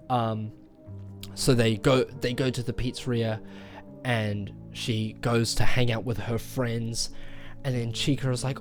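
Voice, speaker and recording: Man, mid-pitched, casual vlog reviewer; loose rambling delivery with fillers, acts out quotes; faint music bed. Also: fairly even intonation, unhurried. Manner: rambling retelling with many fillers, acting out quoted lines. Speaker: movie reviewer. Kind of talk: casual spoken movie review.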